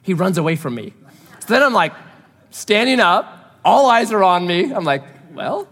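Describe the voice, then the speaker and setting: A man's voice: high voice, big pitch swings, moderate pace, a bit bright, long reverb tail. A man in his thirties, a pastor, telling a self-deprecating family story in a sermon.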